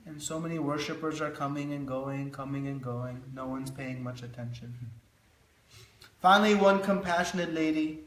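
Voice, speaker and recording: A man's voice: fairly high pitch, normal speed, fairly bright tone. A man teaching a devotional scripture class, telling stories to illustrate his points. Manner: storytelling, illustrative. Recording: roomy echo.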